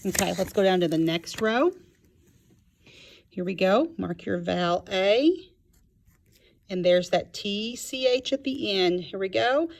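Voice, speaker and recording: Slow-spoken woman teaching phonics. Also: medium pitch. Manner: slow and clear, sounding out words. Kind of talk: phonics lesson for young children.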